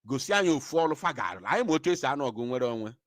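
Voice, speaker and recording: A man's voice: mid-range voice, expressive, very fast, a bit bright, dry recording. Fired-up guy ranting, voice jumps all over, dry close sound. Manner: fiery, emphatic, mixes Igbo and English. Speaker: political commentator. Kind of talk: impassioned commentary.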